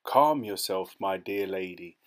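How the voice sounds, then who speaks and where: A man voicing a brisk, eccentric chocolate maker with a matter-of-fact manner in a storybook reading. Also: low voice, animated, voice pushed down.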